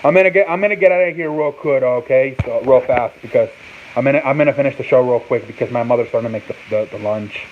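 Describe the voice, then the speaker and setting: Talking fast in a mid-range voice, this man hosts a sports talk show through casual live-stream chat, swearing, rambling, and sounding out words over and over. Faint noise sits under tinny, phone-quality audio.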